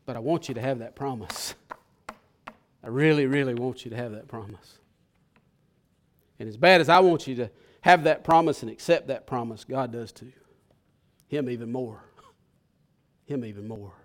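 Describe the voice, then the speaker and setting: A male pastor preaching a sermon, swelling to loud bursts and then dropping to a hush. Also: medium pitch, moderate pace, pauses often.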